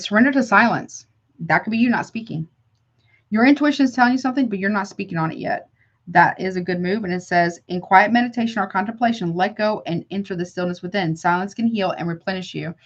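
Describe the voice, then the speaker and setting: A woman reading tarot live to her viewers in a chatty, affectionate way, calling them honey as she pulls cards. Her voice sits at an ordinary middle pitch. The sound is a bit dull and lo-fi, like a home stream mic. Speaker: tarot reader.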